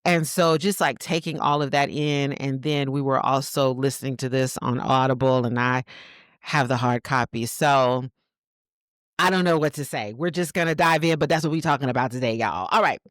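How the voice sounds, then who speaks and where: A woman's voice: extremely low pitch, normal speed, no room sound, clean studio sound. A woman with a Southern American accent co-hosting a podcast, chatting casually with lots of laughter and loose, colloquial phrasing. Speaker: podcast co-host.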